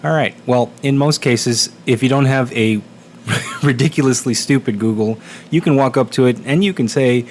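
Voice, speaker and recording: A man's voice: medium pitch, moderate pace, slight background noise. A man co-hosting a podcast, talking casually in a small studio, rambling and laughing often with lots of fillers. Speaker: podcast co-host. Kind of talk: casual chat.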